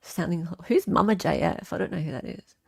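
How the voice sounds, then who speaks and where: A woman's voice: lowish voice, a little fast, creaky. An Australian woman hosting a casual livestream, chatting with viewers, reading their comments, and ranting freely. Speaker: livestream host.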